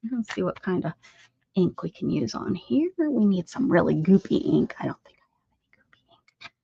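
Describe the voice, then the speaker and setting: A woman's voice: mid-range voice, very animated, a little fast, gravelly, dark tone, breathy edge. A woman hosting an art livestream, chatting casually and muttering to herself while she crafts. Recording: dull lo-fi audio with faint noise.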